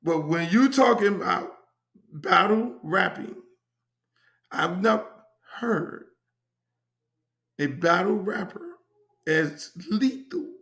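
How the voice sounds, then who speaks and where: A brash, foul-mouthed middle-aged man from Miami, USA, hosts his own show and tells a casual story, returning to the same phrases over and over. His high, bright voice is forceful and animated, but he talks slowly and pauses often. The room has a noticeable echo.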